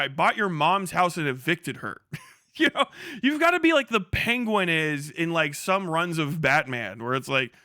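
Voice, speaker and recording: A young man streaming live and riffing in loose, profane commentary, mocking and laughing between rants. His voice is bright and sharp and sits a little high for a man. The sound is dry and close, with no room around it. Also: dry recording. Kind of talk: casual livestream commentary.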